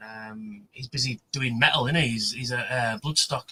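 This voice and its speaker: Man, casual livestream host, rambling storyteller, bright tone. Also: mid-range voice, moderate pace, husky, poor audio. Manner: rambling, chatty storyteller with many fillers. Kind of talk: casual chat. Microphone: livestream mic.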